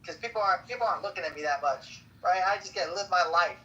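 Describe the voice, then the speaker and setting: A young man bantering and mocking people on a live audio chat, joking loudly with sudden outbursts. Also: sits high, expressive, racing, recorded from a distance, lo-fi sound. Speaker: chat room participant.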